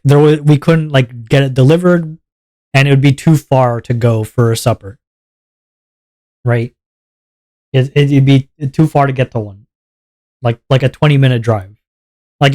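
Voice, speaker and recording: A man's voice: medium pitch, darkish tone. A young man from Canada, a streamer ranting casually and with exasperation, swearing and laughing as he talks. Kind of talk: casual livestream rant.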